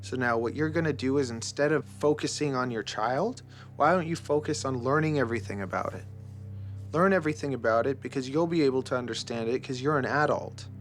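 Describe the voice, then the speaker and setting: A man's voice: medium pitch, fairly quick, soft background music. A man in a reflective interview, explaining things earnestly and often asking rhetorical questions. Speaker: barber interviewed about his life.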